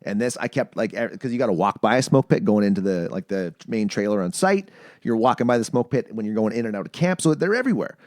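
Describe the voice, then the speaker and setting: A man hosting a casual podcast, telling stories with lively, acted-out quotes. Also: lowish voice, fast talker, no room sound, studio quality. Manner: animated storyteller, acts out quoted voices. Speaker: podcast host.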